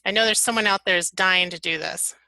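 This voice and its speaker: Woman presenter, bright tone, dry room, upbeat instructional delivery. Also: medium pitch, a little fast, no echo, rough recording. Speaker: webinar presenter. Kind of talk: software tutorial webinar.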